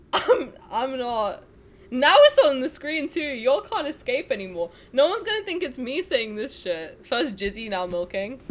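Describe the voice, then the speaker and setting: A woman's voice: sits high, very animated, a little slow. A young woman streaming, chatting casually with crude jokes and lots of giggling, and reading story text aloud between remarks. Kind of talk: casual reaction stream chat.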